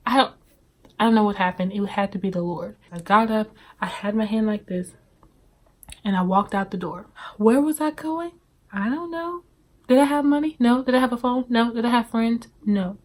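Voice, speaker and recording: A young woman with a Southern US accent telling her personal testimony in an earnest, halting way, full of fillers and restarts. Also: medium pitch. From Southern United States. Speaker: testimony speaker.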